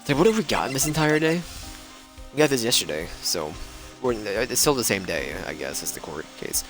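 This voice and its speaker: Low creaky guy streaming a game, mumbles and hums to himself, game music blaring behind. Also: very animated, normal speed. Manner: muttering, hesitant, hums "dunk dunk" to himself. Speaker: streamer reading a game aloud. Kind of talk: casual live-stream play-through, reading dialogue.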